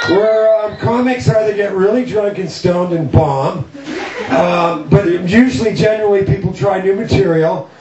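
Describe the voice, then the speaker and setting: Middle-aged man from Canada, host of a loft comedy night: high-ish voice, profane and rambling, heard from a distance. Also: noisy background. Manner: rambling, profane, self-mocking bravado with many fillers. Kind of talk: stand-up style intro monologue. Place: loft art studio with live audience. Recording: distant, roomy, dull lo-fi camera audio.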